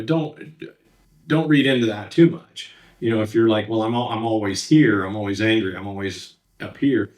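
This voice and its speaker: A man's voice: medium pitch, distant mic. A man working as a counselor, teaching from slides in a plain conversational way, with frequent fillers and restarts. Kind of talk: slide-based lecture.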